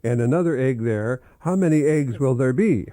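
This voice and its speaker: A man's voice: mid-range voice, animated, normal speed, mellow, no room sound, studio quality, pitched above the performer's own voice, close to an everyday voice. Older man playing a quizzing schoolteacher.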